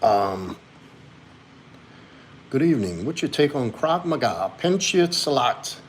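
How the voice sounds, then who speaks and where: A man's voice: very animated, takes it slowly, a little hiss or hum. A man, hosting a casual live stream and answering viewers' questions as he reads chat. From Louisiana. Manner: answers chat questions, talks to his dog in a high sweet voice. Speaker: livestream host and coach.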